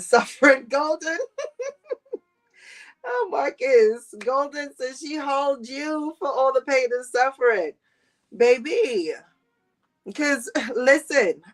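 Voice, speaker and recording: A woman hosting a casual livestream, reading viewer comments aloud. She talks in an animated, slangy way, laughs often and swears freely. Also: fairly high pitch. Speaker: livestream host.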